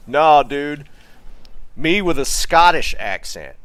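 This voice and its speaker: A man talks with his stream chat while he plays a game. He speaks slowly and easily, and his voice rises and falls a lot. He laughs often and calls viewers by name. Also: on the high side, big pitch swings, a bit bright, no room sound.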